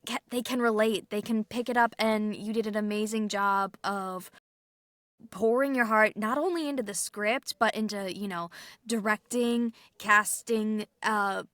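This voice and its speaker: A woman from the cast chatting casually about a production, offering praise with plenty of fillers, restarts and soft laughs. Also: medium pitch, fairly even intonation, measured pace, dry recording, studio quality. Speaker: cast member. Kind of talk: casual behind-the-scenes discussion.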